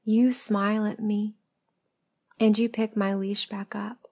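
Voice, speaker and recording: Breathy woman doing a whispered role-play, slow hushed storytelling, pretty flat. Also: medium pitch. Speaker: erotic audio narrator.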